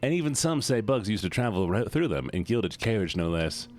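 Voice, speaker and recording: A man's voice: fairly low pitch, big pitch swings, brisk. A man voicing a weary, pious old bug pilgrim while reading video game dialogue aloud. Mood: solemn.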